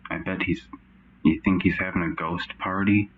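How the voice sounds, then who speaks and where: Man interviewer, very low voice, slow hesitant questions, dull lo-fi mic, faint hiss. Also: steady tone.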